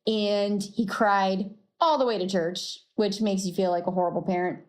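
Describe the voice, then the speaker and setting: A woman's voice: mid-range voice, fairly even intonation, moderate pace, darkish tone. A woman hosting a podcast, telling a personal faith story in a reflective way and laughing at herself now and then. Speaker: podcast host.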